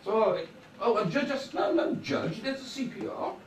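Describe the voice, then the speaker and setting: A man's voice: very high-pitched, expressive, normal speed, far from the mic, a little hiss or hum. A man giving a rambling, conversational public talk to an audience in a meeting hall, often checking in with "right?". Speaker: guest speaker. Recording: echoey hall recorded from afar.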